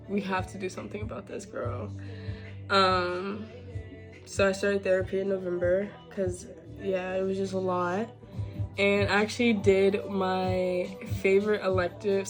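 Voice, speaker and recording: Candid young woman vlogger, expressive. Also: medium pitch. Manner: candid and expressive, swears freely. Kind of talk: casual chat while getting ready.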